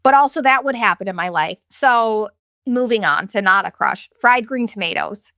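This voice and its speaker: A woman's voice: medium pitch, expressive, moderate pace, pushed and bright, dry recording, studio quality. A woman in her forties, from Arizona, hosting a casual solo podcast, telling rambling, profane, jokey stories. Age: 40s. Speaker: podcast host.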